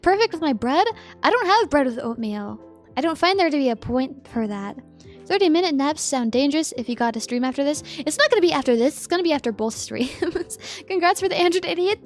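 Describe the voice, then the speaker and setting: A sleepy woman streamer chatting casually with her viewers, giggling as she reads their messages aloud and answers them. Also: high voice.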